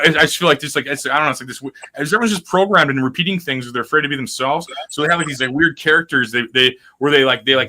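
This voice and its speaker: A man's voice: medium pitch, bright, forceful tone. A man hosting a casual podcast chat, rambling and profane as he riffs on stories. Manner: rambling, profane, restless riffing. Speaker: podcast host.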